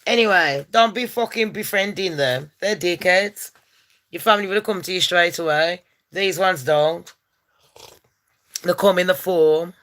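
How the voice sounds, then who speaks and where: A woman hosts a casual gossip vlog, talking in a brash, profane, rowdy way that bursts into loud rants. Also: on the low side, measured pace. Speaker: channel host.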